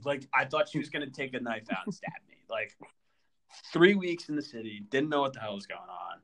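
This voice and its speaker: A young man co-hosting a podcast, telling a story in casual chat, animated and full of fillers and stutters. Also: medium pitch, fairly quick. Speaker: podcast co-host.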